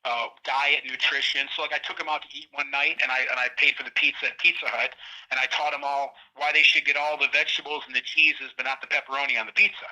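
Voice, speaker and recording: Bright-voiced man on a tinny phone line. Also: medium pitch, fast. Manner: rambling, animated retelling with quoted voices. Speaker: guest. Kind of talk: casual storytelling interview.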